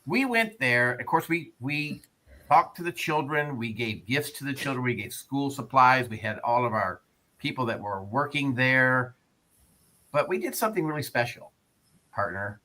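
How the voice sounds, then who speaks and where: A man with a Texan accent hosting a podcast interview, energetic and chatty, calling his co-host partner. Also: medium pitch, low-quality recording. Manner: energetic, drawn-out repeats, calls co-host partner. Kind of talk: casual interview chat.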